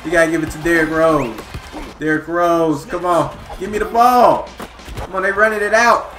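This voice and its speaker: A young man who makes gaming videos on YouTube gives live commentary on his own basketball video game, swinging between hype and frustration, yelling at the game with excitable outbursts. His voice sits high and moves at a normal speed. The recording sounds roomy, with loud game music.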